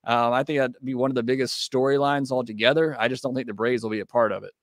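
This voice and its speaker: A man's voice: medium pitch, fairly even intonation, quick pace, no room sound, studio quality. A man hosting a sports podcast, talking casually and hedging with fillers as he weighs options. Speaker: podcast host.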